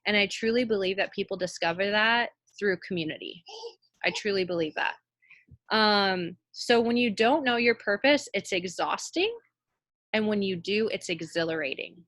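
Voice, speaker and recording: A woman's voice: medium pitch, normal speed, fairly bright tone, no room sound. Emphatic woman on a team call. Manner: emphatic, repeats phrases for effect. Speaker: team leader. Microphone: call audio.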